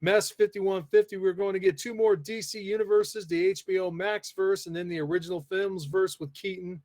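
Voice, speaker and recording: A man's voice: high-pitched, fairly even intonation, moderate pace, darkish tone. A man hosting a casual live podcast, rambling with lots of fillers as he reads the chat aloud. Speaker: podcast host.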